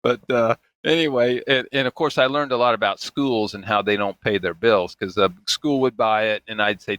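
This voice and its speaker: A man's voice: medium pitch, a little fast, few pauses, bright, forceful tone, no room sound, poor audio. An older man and father telling family stories in casual, rambling chat, chuckling and acting out the voices of people he quotes. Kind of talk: casual storytelling.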